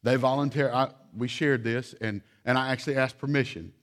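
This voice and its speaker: A man's voice: mid-range voice, steady tone, brisk, fairly bright tone. A young man, a pastor and father, preaching a sermon in an earnest, urgent tone. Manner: earnest, urgent pleading to the congregation.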